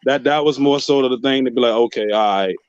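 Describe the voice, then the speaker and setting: A man calmly talks through a story in easy slang, as a guest on a panel podcast. His voice sits at a middle pitch. The recording sounds dull and muffled. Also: a little fast. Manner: plain, relaxed, slangy storytelling. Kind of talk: casual panel chat.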